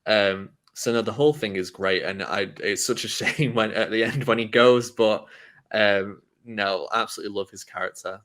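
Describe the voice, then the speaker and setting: A man's voice: on the low side, moderate pace, fairly bright tone. A young man talking casually and enthusiastically about a film on a podcast, rambling with many fillers. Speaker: podcast host.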